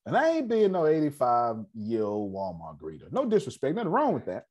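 Husky, lively-voiced man telling stories. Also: mid-range voice, lo-fi sound. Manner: repeats words, streetwise slang, dramatic pauses. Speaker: speaker leading a business meeting. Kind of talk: animated motivational storytelling.

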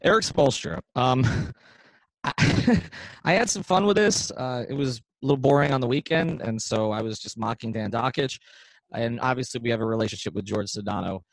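A man co-hosting a sports podcast, telling rambling, animated stories with lots of restarts and asides. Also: medium pitch, moderate pace, vocal fry, dry recording, poor audio. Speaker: podcast co-host. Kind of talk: casual sports chat.

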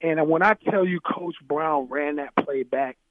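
A man, a former football player, telling stories from his playing days in a casual, animated chat, laughing and acting out his coach. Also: fairly high pitch, unhurried, no echo. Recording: dry, tinny phone-like sound.

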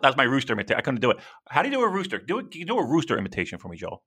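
Animated, profane man co-hosting a podcast. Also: mid-range voice, rapid-fire, husky. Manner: profane, rambling, animated storytelling. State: dealing with a sore shoulder. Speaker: podcast co-host. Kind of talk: casual wrestling podcast chat.

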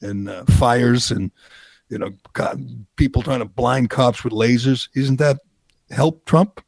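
A man's voice: medium pitch, unhurried, gravelly, a little mellow, dry recording. A man co-hosting a political talk show, riffing sarcastically with frequent restarts. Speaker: radio show co-host.

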